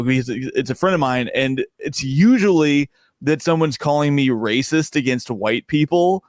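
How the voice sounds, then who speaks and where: A young man chatting as a podcast guest, swapping comedy stories with quick bursts of laughter. His voice leaps upward whenever something amuses him, and the sound is close and dry. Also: dry recording. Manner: animated storyteller, laughs often, pitch jumps when excited. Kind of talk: casual podcast interview.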